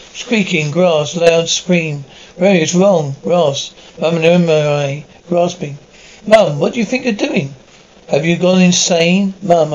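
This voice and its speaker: A man's voice: a little high, darkish tone, echoey room, dull audio, slight background noise. A man performing a horror audio drama, dramatically switching between the characters' voices.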